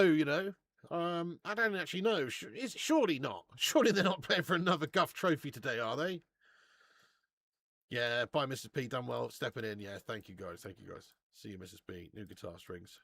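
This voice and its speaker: In a clean, dry studio recording, a man with a slightly high, a bit bright voice and vocal fry hosts a live football watch-along. He reads out viewer super chats and banters with lots of swearing and laughter.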